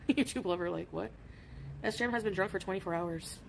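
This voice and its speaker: A woman chats on a live stream, telling stories and reading comments with easy giggles. Her voice sits at a middle pitch, and faint background noise runs under it. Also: moderate pace, gravelly. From Canada. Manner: chatty, giggly storyteller. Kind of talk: casual stream chat.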